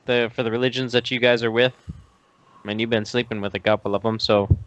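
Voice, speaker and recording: A man's voice: mid-range voice, fairly even intonation, quick pace, lo-fi sound. A man playing a tabletop game, asking questions in a hesitant, casual way. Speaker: player.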